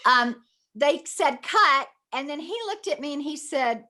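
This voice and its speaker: Bright high-voiced actress. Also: female voice, measured pace. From Mississippi. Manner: animated storyteller, laughs often. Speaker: guest actress. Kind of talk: casual interview recollection.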